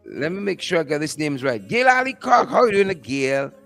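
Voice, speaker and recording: A man with a Guyanese accent hosting a live stream from outdoors, repeating upbeat shout-outs to his viewers by name. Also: on the high side, very animated, moderate pace, gravelly, faint music behind. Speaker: host.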